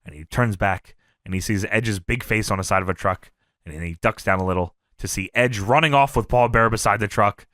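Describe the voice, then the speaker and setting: A man co-hosting a podcast, recapping old wrestling shows in a casual, profane, animated way. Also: lowish voice, a little fast, no room sound, clean studio sound. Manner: animated and profane, jumping into quoted voices. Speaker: podcast co-host.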